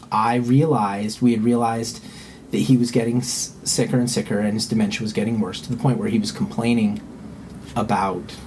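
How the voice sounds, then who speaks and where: A man's voice: lowish voice, darkish tone, a little hiss or hum. A middle-aged man telling a personal story in frank, casual conversation, swearing freely and livening up when he quotes people.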